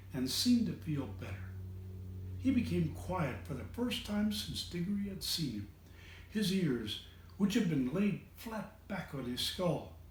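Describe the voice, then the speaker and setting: A man reading a children's storybook aloud in an expressive voice, changing voices for the characters. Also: fairly high pitch, recorded from a distance. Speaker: reader of children's books. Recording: echoey room, away from the mic.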